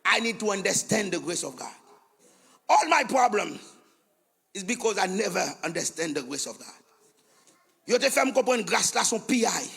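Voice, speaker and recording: Raspy Haitian pastor shouting a fervent sermon. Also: male voice, high-pitched, very animated, moderate pace, pauses often. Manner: switches between English, French and Creole, chants repeated phrases. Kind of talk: fervent sermon, leading prayer.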